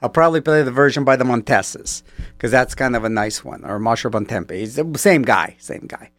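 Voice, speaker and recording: A man's voice: mid-range voice, a little fast, a bit bright, no echo. A man hosting a radio show in a rambling, playful way, joking his way through the ads on a studio mic. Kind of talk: casual radio chat.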